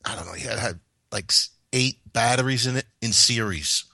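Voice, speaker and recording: A man's voice: medium pitch, moderate pace, gravelly, bright, forceful tone, dry recording, studio quality. A man co-hosting a casual radio chat, talking bluntly and swearing.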